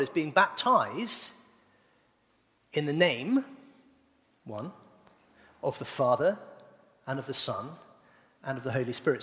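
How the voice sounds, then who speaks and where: In a call-and-response sermon, a middle-aged male pastor playfully questions his congregation with a higher-pitched voice that moves up and down in a lively way. A long church-hall reverb surrounds him.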